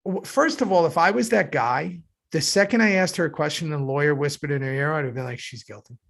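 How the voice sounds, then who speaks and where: A middle-aged man co-hosting a casual review podcast, talking through scenes in an animated way with many "right?" asides. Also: a little high, fast talker, creaky. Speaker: podcast co-host, actor.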